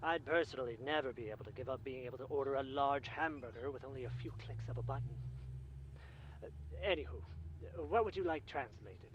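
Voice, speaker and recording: A man's voice: mid-range voice, a little fast, highs cut off, a little hiss or hum, natural voice. Branham, a man playing a dryly witty phone helper. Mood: wry. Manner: dry, wry humor. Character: dry, wry male helper on the phone. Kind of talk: video game voice acting.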